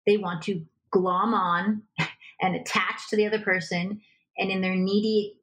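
A woman coaching on relationships as a guest in an interview, lively and acting out example dialogue as she explains. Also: mid-range voice, measured pace, poor audio. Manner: animated, acts out example dialogue. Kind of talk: conversational advice in a podcast interview.

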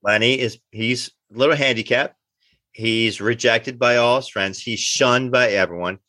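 New man telling lively acting stories. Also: mid-range voice, moderate pace, no room sound. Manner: animated anecdotes, acts out quoted dialogue. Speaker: actor guest. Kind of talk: casual interview storytelling.

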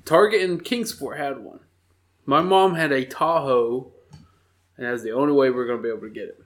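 A man, co-hosting a podcast and telling a story in an animated, laughing way. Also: medium pitch, fairly quick. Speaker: podcast co-host. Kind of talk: casual storytelling chat.

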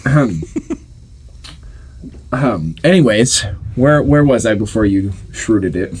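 A man's voice: on the low side, animated, slow pace, darkish tone, breathy edge. A man co-hosting a casual podcast debate, laughing often and rambling with restarts. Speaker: podcast co-host.

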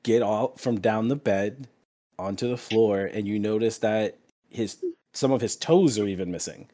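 A man narrating as game master of a tabletop game in an unhurried way, with many fillers. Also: lowish voice, mellow.

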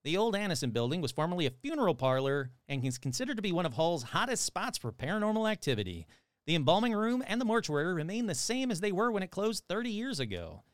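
A man's voice: sits high, sing-song, quick pace, no room sound, studio quality. A male podcast host reading odd news aloud with sarcastic, irreverent asides. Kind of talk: casual podcast commentary.

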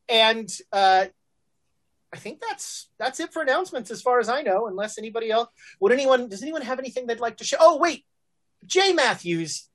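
Woman, game master, casual joking host patter, filler-heavy. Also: on the high side. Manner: chatty, joking, many fillers. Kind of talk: casual stream announcements.

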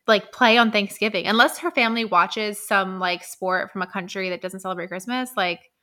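A woman co-hosting a casual book podcast, chatting wryly with quick, joking asides. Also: mid-range voice, bright, forceful tone. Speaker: podcast co-host. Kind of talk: casual book-club chat.

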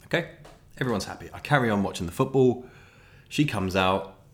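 A man's voice: fairly low pitch, animated, fairly quick. Man, young, self-mocking, rambling, fillers, comic anecdote. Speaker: podcast host. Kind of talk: comic storytelling.

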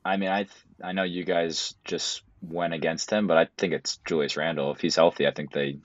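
Man, very deep voice, laid-back, dry muffled lo-fi recording. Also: steady tone, fairly quick, dry recording. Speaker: podcast co-host. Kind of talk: casual sports chat. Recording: dull dry lo-fi sound.

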